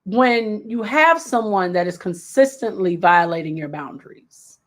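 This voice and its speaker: A woman's voice: medium pitch, animated, a little slow. A woman hosting a live self-help talk, speaking emphatically and repeating key points for emphasis. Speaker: host.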